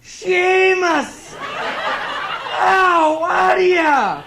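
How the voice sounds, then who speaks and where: A young man playing a brash, defensive Boston tough guy who talks loudly and rattles off names combatively, with a Boston accent. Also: extremely high pitch, extremely slow, gravelly, background noise, pitched above the performer's own voice, heavily acted. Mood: boisterous.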